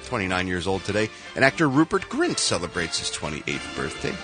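A man's voice: low-pitched, wildly swooping pitch, fairly quick, music in the background. A man reporting showbiz news on a radio show, teasing and wisecracking in a theatrical announcer style from a studio. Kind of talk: morning radio banter.

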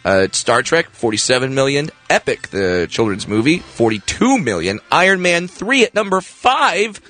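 Bright-voiced joking man. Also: mid-range voice, sing-song. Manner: joking, quick, laughs often. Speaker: radio show co-host. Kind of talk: casual entertainment news chat.

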